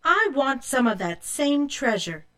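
A woman's voice: high voice, sing-song, measured pace, fairly bright tone, pitched above the performer's own voice, heavily acted. A woman voicing a rude, greedy young girl in a storybook, talking in a snippy, demanding way.

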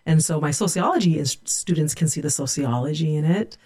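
Professor guest, woman; warm reflective storyteller. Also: low-pitched, a little fast. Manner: earnest, reflective storytelling with quoted dialogue. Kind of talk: storytelling interview.

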